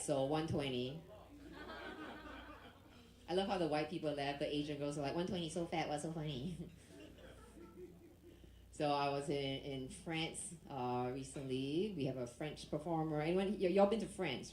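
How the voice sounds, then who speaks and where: A woman's voice: low-pitched, a little slow, long pauses, a little mellow. Give me a brash woman from Asia doing stand-up into a handheld mic in an echoey club. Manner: brash, teasing, works the crowd. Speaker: stand-up comedian. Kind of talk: stand-up set. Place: comedy club stage. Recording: roomy club sound.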